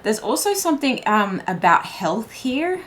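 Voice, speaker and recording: A woman's voice: on the high side, very animated, a little slow, background noise. A young woman giving a pick-a-card tarot reading in a chatty, meandering way, full of "like" and restarts. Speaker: tarot reader.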